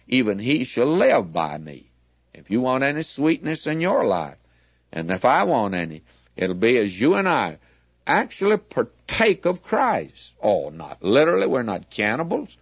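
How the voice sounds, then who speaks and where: Male Bible teacher, unhurried and emphatic; muffled, dry lo-fi recording. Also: medium pitch, breathy edge, dry recording. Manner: deliberate, emphatic, asks listeners questions.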